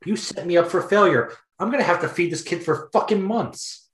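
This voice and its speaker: A man's voice: high voice, brisk, fairly bright tone. A man playing a furious cursing dad. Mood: angry ranting. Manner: ranting, cursing, combative. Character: furious foul-mouthed dad on a payphone. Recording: roomy echo.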